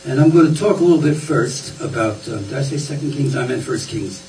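A man's voice: mid-range voice, expressive, fairly quick, darkish tone, a little hiss or hum. A man preaching a sermon in a folksy, conversational way, often repeating his words. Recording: roomy, distant, faint ambience.

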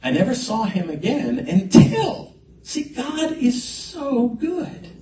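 A man preaching a sermon as a pastor, telling a personal story in an animated way with swings in loudness. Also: very high-pitched, slow pace, slight background noise. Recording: echoey hall mic from a distance.

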